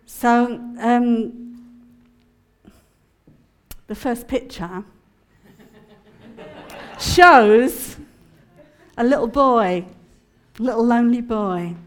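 At a prayer conference, a woman with a fairly high-pitched voice shares personal testimony alongside teaching. She's chatty and expressive and laughs a lot.

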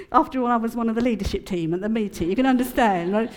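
A woman with a highish voice talks fast at a prayer conference. She blends personal testimony with teaching, chatty and expressive, and laughs often.

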